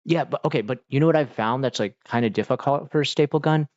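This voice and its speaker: A man's voice: mid-range voice, fast talker, a little mellow, no echo. A middle-aged man streaming live, chatting casually with viewers in a rambling, laid-back way, full of "like" and "dude". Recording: dull, dry lo-fi mic.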